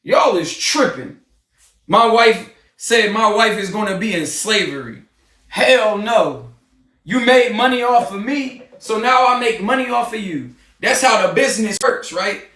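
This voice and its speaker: Heated ranting man, high bright voice. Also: animated, measured pace, far from the mic. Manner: heated, confrontational, often shouting. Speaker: livestreamer. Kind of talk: ranting livestream monologue. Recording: roomy, off-mic sound.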